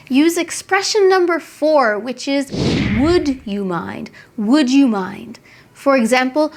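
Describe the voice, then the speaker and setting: A young adult woman with a high-pitched voice teaches English from a script, pronouncing each example phrase slowly and clearly.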